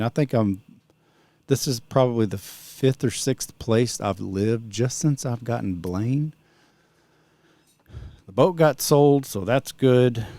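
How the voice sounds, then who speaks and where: Rambling mellow-voiced middle-aged man. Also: fairly low pitch, no room sound. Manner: rambling, drifts onto sidetracks. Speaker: vlogger. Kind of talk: casual vlog chat.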